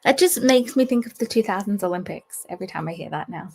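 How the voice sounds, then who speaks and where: A young woman, hosting a book channel livestream in casual, rambling chat with many fillers and soft laughs. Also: mid-range voice, animated, quick pace, gravelly, husky. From Australia.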